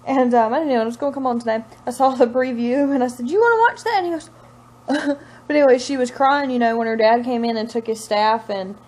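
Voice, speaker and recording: A woman's voice: on the high side, flat delivery, fairly quick, a little mellow. A woman in her thirties with a Southern US accent, a mom chatting casually and rambling to her camera at home, laughing often. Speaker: mom vlogger. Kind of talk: casual chat. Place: living room at home.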